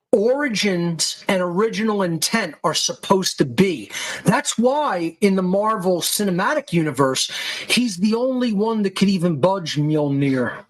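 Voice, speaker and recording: A man's voice: sits high, poor audio. A male podcast host delivering an angry monologue, profane, combative and berating his listeners.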